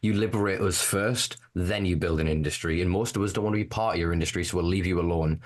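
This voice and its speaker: A man's voice: low voice, fast talker. A man with a Northern English accent, talking in a casual podcast chat with passionate, profane ranting. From Northern England. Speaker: podcast correspondent.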